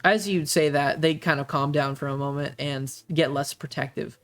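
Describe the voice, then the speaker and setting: A man narrating a tabletop game as game master, halting often with fillers. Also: fairly high pitch, steady tone, a bit bright.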